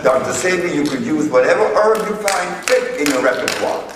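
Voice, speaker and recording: A man giving a storytelling lecture to an audience, slow and deliberate as he recounts his exchanges in court. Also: fairly high pitch, expressive, background noise. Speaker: speaker addressing an audience. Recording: echoey hall, voice from far off.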